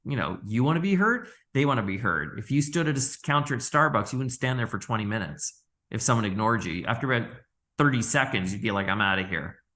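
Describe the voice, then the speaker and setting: A man guest on a podcast interview, telling lively stories and acting out quoted dialogue with frequent laughs. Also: mid-range voice, quick pace. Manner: animated storyteller, acts out quoted dialogue, laughs often. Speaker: orthodontist guest.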